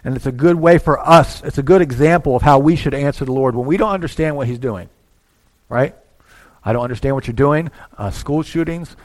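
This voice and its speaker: A man preaching a sermon in a church, talking conversationally and acting out little asides as he swings between quiet and loud. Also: fairly high pitch. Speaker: pastor.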